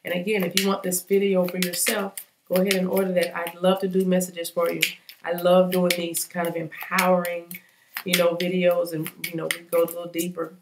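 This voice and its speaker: A woman's voice: fairly low pitch, monotone, a little fast, roomy sound, noisy background. Woman giving an encouraging spiritual reading. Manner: warm encouraging, affirming, with fillers and restarts. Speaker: spiritual reader and channel host. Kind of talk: casual tarot-style reading to viewers.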